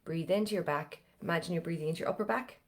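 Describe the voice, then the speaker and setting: Vocal coach with a lowish voice. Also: female voice, racing. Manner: chatty, encouraging, gives step-by-step cues. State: slightly strained voice. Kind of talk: live online singing lesson.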